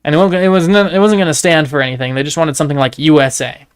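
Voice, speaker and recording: A man's voice: fairly high pitch, steady tone, fast, clear, resonant tone. A man with a Canadian accent, chatting and telling jokey stories while livestreaming a game. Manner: joking, rambling storyteller. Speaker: livestreaming gamer. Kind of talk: casual gameplay commentary.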